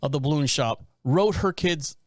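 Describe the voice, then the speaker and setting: Podcast host, male, high voice, close dry mic, rambling blunt storyteller. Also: normal speed, dry recording. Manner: rambling, blunt, joking, reads a story aloud with asides. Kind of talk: casual storytelling commentary.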